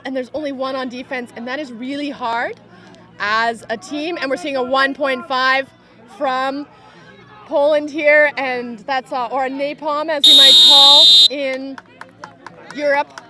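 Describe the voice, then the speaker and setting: A woman's voice: high voice, fairly even intonation, measured pace, pushed and bright, soft background music. A woman doing live sports commentary at an outdoor tournament, chatty and enthusiastic, cheering players on by name.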